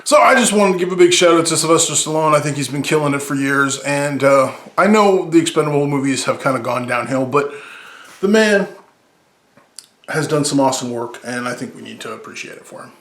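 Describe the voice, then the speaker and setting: An upbeat man talks about movies on his own podcast, rambling and correcting himself as he goes. His voice sits a little high for a man. He is recorded in an echoey room. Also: expressive, fairly quick, fairly bright tone. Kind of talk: casual solo chat.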